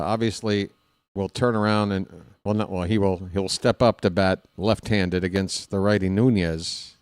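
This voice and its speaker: Calling a baseball game play-by-play as a partisan fan, a man gets excitable on big plays and chats with viewers. His voice sits on the low side and sounds smooth, though it is starting to tire. The recording is dry and studio quality.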